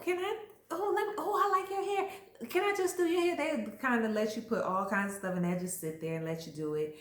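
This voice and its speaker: A woman talking straight to camera in a loose, chatty way, leaning hard on her points with plenty of emphasis. Her voice sits at an ordinary middle pitch. The room around her is noticeably echoey. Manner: chatty, emphatic, acts out little quoted voices. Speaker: astrology vlogger. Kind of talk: casual explanatory chat.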